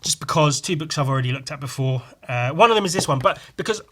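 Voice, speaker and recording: A man hosting a podcast, chatting casually about a comic and swearing freely as he retells it with lively exclamations. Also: fairly high pitch, quick pace. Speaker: podcast host. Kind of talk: casual comic review chat.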